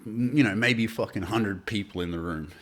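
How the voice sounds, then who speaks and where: An Australian man in casual podcast chat, telling animated anecdotes and swearing freely. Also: lowish voice, moderate pace. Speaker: podcast guest, artist.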